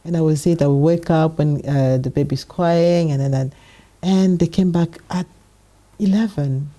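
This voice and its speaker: Low-voiced woman telling a personal story. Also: moderate pace. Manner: animated retelling, acting out past dialogue. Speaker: guest sharing her testimony.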